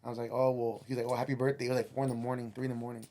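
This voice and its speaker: A man's voice: medium pitch, little pitch movement, racing, dark tone. A man, a musician guest on a podcast, telling a rambling, profane story and slipping Spanish phrases into his English.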